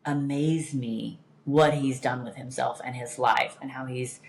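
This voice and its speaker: A woman with a notably low, deep speaking voice hosts a podcast in candid casual chat. She talks emphatically and bluntly and swears freely. Her delivery is direct and firm as she makes her points. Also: steady tone, a little slow. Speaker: podcast host.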